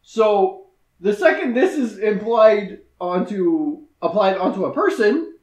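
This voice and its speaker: A man's voice: high voice, sing-song, takes it slowly, darkish tone, roomy sound, low-quality recording. A man recapping a movie in casual, profane chat, rambling with fillers and laughter. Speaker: podcast co-host.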